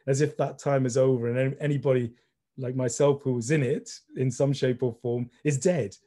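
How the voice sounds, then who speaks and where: A middle-aged man, speaking reflectively and softly as a panel speaker on a video call. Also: mid-range voice. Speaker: panel speaker, gallery director. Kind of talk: online panel discussion.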